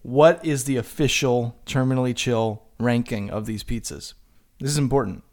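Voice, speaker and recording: A man's voice: medium pitch, normal speed, darkish tone. A man co-hosting a podcast, chatting casually with a teasing, laid-back manner and frequent laughter. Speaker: podcast co-host.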